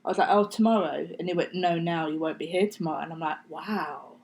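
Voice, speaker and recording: A woman's voice: fairly low pitch, fairly quick, creaky, a little mellow, low-quality recording. A middle-aged woman, a podcast guest, telling her story in a chatty way and acting out what people said, sometimes dropping to a near-whisper. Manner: chatty, acts out quoted speech, slips into near-whispers. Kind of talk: casual interview storytelling.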